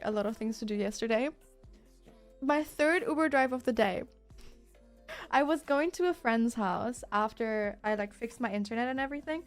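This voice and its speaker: German-accented young woman telling a story. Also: a little high. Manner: animated, acts out quotes, swears, many fillers. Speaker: streamer. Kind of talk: casual storytelling to chat.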